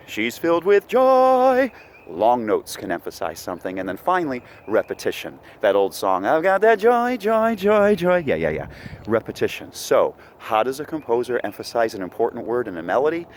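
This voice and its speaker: A male music teacher talks through an online lesson in a low voice that swings widely in pitch. He sometimes breaks into short sung examples. Faint background noise sits under the recording. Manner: animated, sings short examples to demonstrate.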